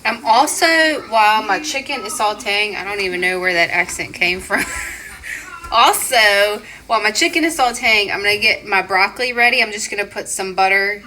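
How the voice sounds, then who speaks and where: A woman's voice: mid-range voice, sharp tone, slight background noise, rough recording. A woman, chatting with viewers in a casual home cooking vlog from her kitchen. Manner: chatty, addresses viewers as y'all and guys.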